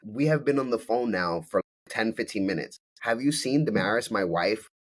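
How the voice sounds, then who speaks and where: A man's voice: fairly low pitch, lively intonation, moderate pace. A man speaking as a podcast guest, telling a story bluntly and emphatically, with plenty of swearing. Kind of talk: casual storytelling.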